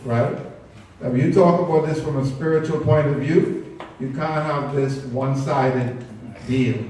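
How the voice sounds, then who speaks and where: A man's voice: mid-range voice, fairly even intonation, measured pace, darkish tone, distant mic, a little hiss or hum. A man giving an earnest, persuasive public talk to an audience, speaking from a spiritual perspective. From Bahamas. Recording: echoey room recorded from afar.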